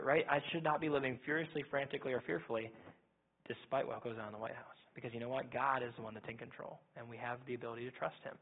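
A young man preaching a sermon as pastor, quick and energetic, often asking "right?". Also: mid-range voice, breathy edge. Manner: fast-talking, energetic, repeats "right?". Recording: tinny phone-like sound.

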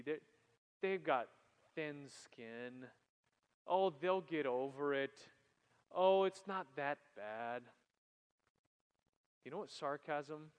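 A man preaching a sermon to young people, animated, swinging from loud emphasis to quiet asides. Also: on the high side. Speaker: youth pastor. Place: church hall. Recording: long hall reverb.

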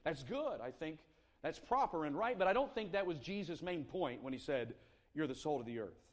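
Pastor, male, higher register, earnest sermon delivery with drawn-out quotes. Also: expressive. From South Carolina. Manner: earnest preaching, slowing down on scripture quotes.

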